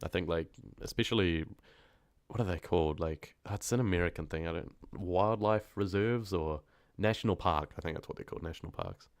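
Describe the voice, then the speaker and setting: A deep-voiced man chats casually with his live-stream viewers. He rambles in a relaxed way and laughs easily. His voice sounds dry and close, with no room echo. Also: fairly quick, clean tone. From New Zealand. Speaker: horror story narrator and streamer.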